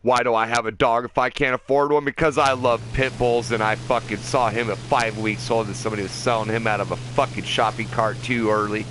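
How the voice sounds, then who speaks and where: A man's voice: medium pitch, fairly even intonation, fairly quick, few pauses, a bit bright. A man ranting with profanity and passion while livestreaming a game from inside a camper, talking into a desk mic. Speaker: livestreaming gamer. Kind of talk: ranting live gaming commentary. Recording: noisy home stream audio.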